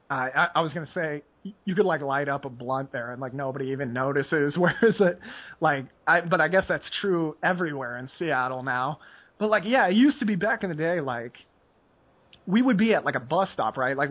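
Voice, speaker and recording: A young man with a slightly raised, husky voice rambles through casual poker talk, leaning on "like" at every turn. The recording sounds dull and lo-fi. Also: on the high side. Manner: rambling, filler-heavy with frequent "like". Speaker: poker player. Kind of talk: casual podcast chat.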